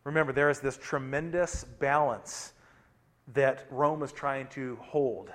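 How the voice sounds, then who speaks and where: A middle-aged man, a pastor, preaching a sermon in a conversational way, mixing personal stories with scripture and shifting his loudness often. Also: medium pitch, a little slow.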